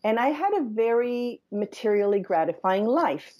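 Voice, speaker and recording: A woman author being interviewed on the radio, talking in a thoughtful, measured way with pauses. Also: on the high side, very animated, mellow, muffled recording. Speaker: author and guest.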